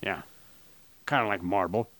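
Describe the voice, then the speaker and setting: A man's voice: low-pitched, moderate pace, a bit bright, dry recording. A man co-hosting a crude comedy podcast, rambling and joking, sometimes slipping into a mock advertiser voice. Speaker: podcast co-host.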